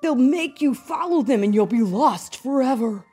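Give me a woman playing a stern merman guard warning loudly, husky voice, storybook style. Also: high-pitched, animated, normal speed, soft background music, pitched above the performer's own voice. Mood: ominous.

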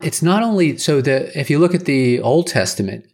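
A man's voice: fairly high pitch, expressive, normal speed, darkish tone. A man being interviewed as a guest author, explaining his ideas in long, list-like answers. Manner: explanatory, lecture-like listing. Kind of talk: casual interview talk.

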